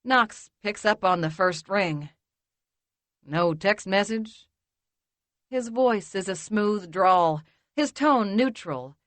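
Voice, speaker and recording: A woman reads a first-person romance audiobook at an unhurried pace. Her delivery is measured and intimate, and her voice sits in the middle of the female range. The recording is dry and close to the mic. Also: mid-range voice, lively intonation, no room sound. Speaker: audiobook narrator.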